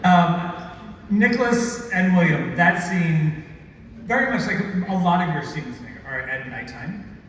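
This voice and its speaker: A man moderating a convention panel, asking the cast lively questions. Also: high voice, a little slow, slight background noise. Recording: echoey convention hall, far mic.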